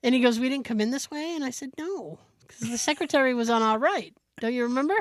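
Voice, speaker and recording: Woman telling a lively story on a podcast. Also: sits high, fast, dry recording, studio quality. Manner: animated anecdote teller who acts out quoted people. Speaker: podcast co-host. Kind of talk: casual chat, storytelling.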